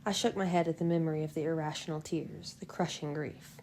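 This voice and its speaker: A woman reading a novel aloud in the first person, in a steady, unhurried way. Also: low voice, a little hiss or hum. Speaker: fan audiobook reader.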